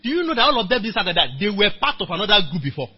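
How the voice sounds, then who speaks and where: A Nigerian man preaching to a church workers meeting in a high, husky voice. He tells his story with lively acted-out dialogue and prompts the congregation to answer back. The sound is dull and lo-fi, like a church recording. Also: very fast. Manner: animated storytelling, acting out quoted dialogue; calls on the congregation to respond. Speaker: pastor.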